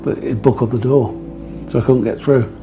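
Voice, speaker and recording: Brief: older male interviewee, mid-pitched voice, blunt storyteller, faint music underneath. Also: fairly even intonation, moderate pace, dull audio. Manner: plain-spoken, swears, acts out quotes. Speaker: interviewee, former doorman. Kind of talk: casual storytelling. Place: indoors in a family home.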